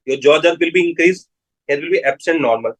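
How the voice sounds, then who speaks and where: Husky-voiced man teaching a live class. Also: fairly high pitch, a bit bright, low-quality recording. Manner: repeats key phrases slowly, checks in with the class. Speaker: medical lecturer. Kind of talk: live online medical lecture.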